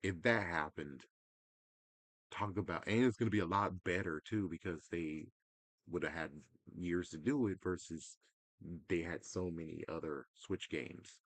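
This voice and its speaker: A man's voice: deep voice, measured pace, dry recording. A man ranting casually about video games, exasperated and profane, now and then mocking other people in a put-on voice. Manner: swings between loud outbursts and muttering. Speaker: gaming commentator. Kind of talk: casual rant to camera.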